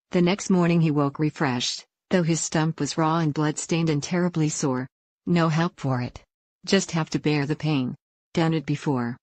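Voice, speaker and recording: Woman with a low voice reading a story, steady and dry close sound. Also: dry recording. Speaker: narrator. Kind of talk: scripted narration.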